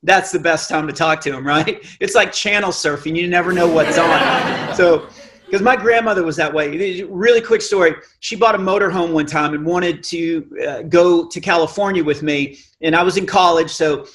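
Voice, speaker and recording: A middle-aged man with a naturally high voice telling a self-mocking comic story on stage, acting out the dialogue. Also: normal speed, fairly bright tone, slight background noise. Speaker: Christian comedian. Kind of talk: stand-up storytelling. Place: live event stage.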